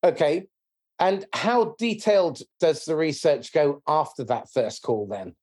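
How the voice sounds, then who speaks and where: A man's voice: on the high side, unhurried, darkish tone. A man interviewing a guest about sales, asking curious questions with a joking manner and hesitant restarts. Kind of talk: conversational interview.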